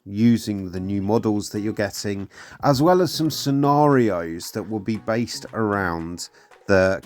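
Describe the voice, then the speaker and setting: A man's voice: medium pitch, a little mellow. Upbeat man reviewing hobby magazines. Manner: chatty, upbeat, with frequent fillers. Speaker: hobby channel host. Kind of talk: casual product review.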